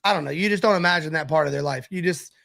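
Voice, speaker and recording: A man's voice: fairly high pitch, rapid-fire, creaky, fairly bright tone. A man guesting on a casual sports podcast, laid-back, with lots of "like" fillers. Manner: laid-back, shrugging, says "like" a lot.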